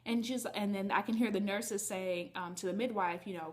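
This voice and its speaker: A woman's voice: mid-range voice, fairly even intonation, moderate pace. A woman vlogger telling a personal story to her viewers in a candid, chatty way. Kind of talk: casual storytelling to camera.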